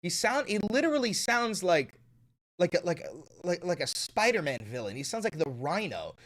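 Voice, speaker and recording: A man's voice: high voice, sing-song, normal speed, fairly bright tone. A man streaming live reaction commentary, heated and mocking, swearing often.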